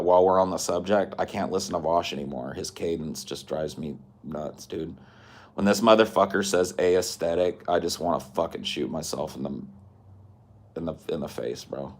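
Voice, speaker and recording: A man's voice: deep voice, normal speed. A man hosting a podcast, ranting in a profane, exasperated, slangy way. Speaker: podcast host. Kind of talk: casual podcast rant.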